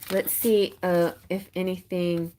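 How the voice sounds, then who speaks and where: A woman's voice: fairly low pitch, little pitch movement, slow pace, dark tone, a little hiss or hum. Chatty woman giving a tarot reading. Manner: chatty, encouraging, laughs often. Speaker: tarot reader. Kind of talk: live-stream tarot reading.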